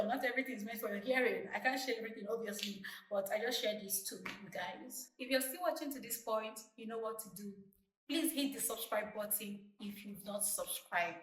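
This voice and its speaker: A young Nigerian woman in her twenties, a vlogger telling stories from her childhood in a chatty, lively way. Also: a little high. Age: 20s. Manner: chatty, lively retelling with acted-out quotes. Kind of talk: casual storytelling to camera. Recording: roomy, distant mic.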